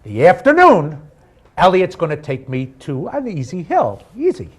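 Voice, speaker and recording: A middle-aged man telling a comic story about himself in an animated, self-deprecating way. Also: on the high side, normal speed, slight background noise. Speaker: guest storyteller.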